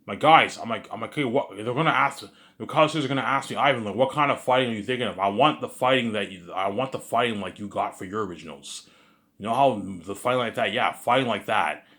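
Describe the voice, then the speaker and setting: A man's voice: lowish voice, fairly bright tone. A man talking in a rambling monologue, full of repeated words and filler phrases. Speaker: vlogger.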